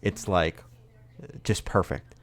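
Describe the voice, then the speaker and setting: A man co-hosting a music podcast speaks slowly, with no echo. He chats casually in a rambling way and swears freely.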